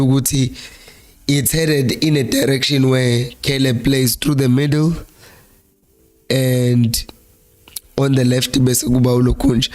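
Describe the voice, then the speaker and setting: A hoarse South African man with a flu-worn voice, hosting a live-streamed football chat in a Zulu-accented mix of English and Zulu and reading viewer comments aloud. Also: medium pitch, darkish tone. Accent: South African, Zulu-speaking. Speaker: fan channel host.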